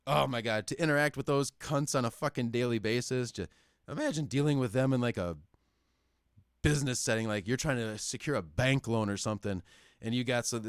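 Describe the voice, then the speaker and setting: Smooth-voiced Midwestern man ranting profanely. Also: mid-range voice, moderate pace, no echo, clean studio sound. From Wisconsin, United States. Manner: profane, ranting, heavy swearing. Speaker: podcast host. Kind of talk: casual chat.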